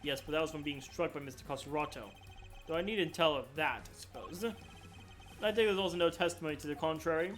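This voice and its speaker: A composed male prosecutor from a video game, as a streamer reads him out lays out evidence in a formal, measured voice. His questions are pointed and precise. Faint game music plays underneath. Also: mid-range voice, close to an everyday voice. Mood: stern, probing. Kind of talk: reading a video game's dialogue aloud on stream.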